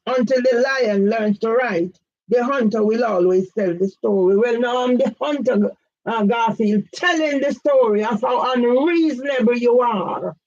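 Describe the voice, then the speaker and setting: A woman's voice: a little high, a little mellow, dull audio. A woman, giving an emphatic direct-address complaint, firing pointed questions at one man by name. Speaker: campaigner vlogger.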